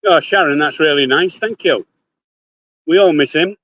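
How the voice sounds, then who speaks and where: A man's voice: a little high, moderate pace, lo-fi sound. An older man with a Yorkshire accent chatting casually on a phone livestream, blunt and prone to swearing, greeting viewers by name. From Yorkshire, England. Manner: blunt, swears casually, speaks before thinking. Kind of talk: casual live-stream chat. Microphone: phone held in hand.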